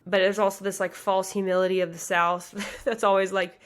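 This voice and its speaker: A woman's voice: mid-range voice, level tone, a little fast. A woman in her thirties from the American Midwest, a pageant coach hosting her own podcast, talking earnestly and passionately, with many casual fillers. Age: 30s. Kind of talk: motivational podcast monologue.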